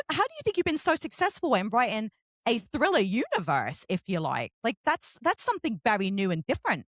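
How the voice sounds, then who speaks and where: A woman from England with a southern English accent, hosting a casual interview, animated and often laughing. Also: fairly high pitch, no room sound. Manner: giggly, animated storyteller. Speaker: interview host.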